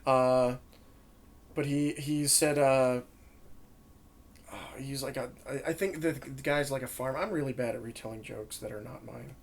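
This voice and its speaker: Gravelly and medium-pitched, this young podcast co-host keeps a fairly even intonation and measured pace. Running on little sleep and lots of espresso, he laughs and fumbles through a retold joke in rambling, casual chat.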